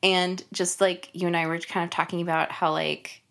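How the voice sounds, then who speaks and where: Woman podcast co-host, slightly low voice, thoughtful and hedging; casual chat. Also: little pitch movement, normal speed, vocal fry, a bit bright. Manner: thoughtful, hedging, many fillers.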